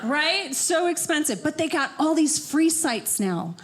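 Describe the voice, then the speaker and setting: A woman performing a stand-up comedy set on a club stage, working the crowd with animated, loud outbursts. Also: sits high, unhurried.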